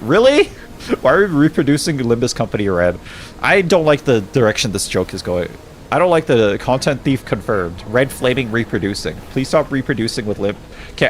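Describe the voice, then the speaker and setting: An animated male streamer whose pitch leaps high when he is exasperated, then sinks to a low mutter. He swears and trips over his words mid-sentence, and a faint noise sits under his voice. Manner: animated, swings between exasperated outbursts and low mumbled reading; swears and restarts often when flustered. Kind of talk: live game stream chat and reading game text aloud.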